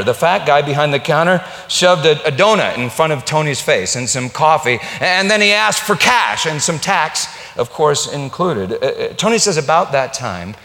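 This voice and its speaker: A male pastor telling a story in a sermon, animated and acting out the dialogue. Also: fairly high pitch. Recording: long reverb in a large hall.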